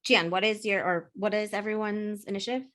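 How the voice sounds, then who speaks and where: A woman's voice: medium pitch, fairly even intonation, brisk, a bit bright. A woman acting as game master, casually explaining rules and narrating scenes with frequent fillers and restarts.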